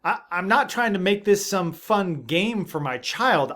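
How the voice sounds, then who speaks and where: Man, thirties, parenting host; earnest and emphatic, a touch higher voice, low asides. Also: lively intonation, a little slow, few pauses, fairly bright tone. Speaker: parenting video host, father of seven. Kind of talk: direct-to-camera advice talk.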